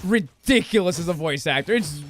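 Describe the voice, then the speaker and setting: A man's voice: a little high, expressive, fairly quick, a bit bright. A man streaming a game, chatting casually in a loose, profane, rambling way. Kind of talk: casual gaming stream chat.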